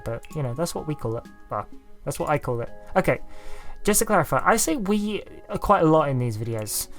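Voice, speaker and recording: Rambling Southern English man narrating gameplay. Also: fairly high pitch. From south of England. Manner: rambling, self-deprecating, chatty. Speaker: YouTuber building in a life-sim game. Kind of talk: casual gameplay commentary.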